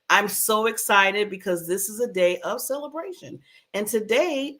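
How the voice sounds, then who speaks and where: Upbeat, emotional female host with a gravelly edge. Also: medium pitch, a bit bright. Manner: bubbly, laughs often, emotional. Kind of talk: lively talk show hosting.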